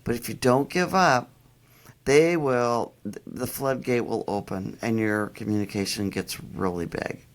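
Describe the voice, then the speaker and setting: A middle-aged woman dog trainer, enthusiastic and animated, explaining how to read pets in a casual interview. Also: very deep voice, unhurried.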